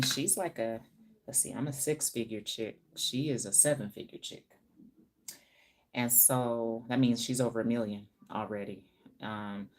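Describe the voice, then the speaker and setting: With an extremely low, slightly mellow voice, a middle-aged woman hairstylist hosts a casual livestream from her salon. She chats with viewers by name as she works and sings little bits now and then.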